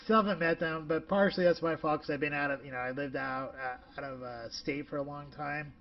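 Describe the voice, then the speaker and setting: Halting man, a little far off. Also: fairly high pitch, fairly even intonation. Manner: rambling, halting, many fillers and restarts. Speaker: podcast co-host. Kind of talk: casual chat. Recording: distant lo-fi podcast audio.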